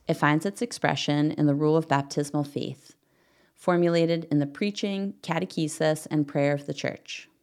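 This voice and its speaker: Low-pitched middle-aged woman, podcast host; earnest, gentle prayer and teaching read.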